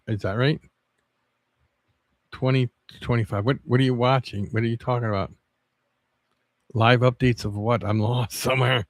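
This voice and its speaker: Rambling, halting man on a livestream. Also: mid-range voice, no room sound, studio quality. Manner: rambling, halting, with many restarts. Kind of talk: casual chat with viewers.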